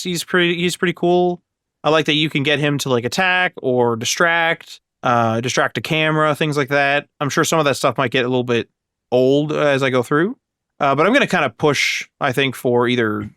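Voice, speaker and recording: A man's voice: a little high, moderate pace, fairly bright tone, clear, resonant tone, no echo, studio quality. A man casually chatting about video games on a podcast, rambling with lots of fillers. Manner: rambling, filler-heavy, acts out voices when retelling. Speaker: podcast co-host.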